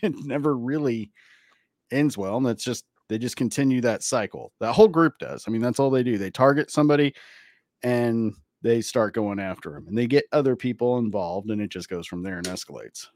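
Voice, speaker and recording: A man's voice: medium pitch, brisk, a little mellow, no room sound, studio quality. A man co-hosting a casual podcast chat, ranting bluntly with plenty of swearing. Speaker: podcast co-host.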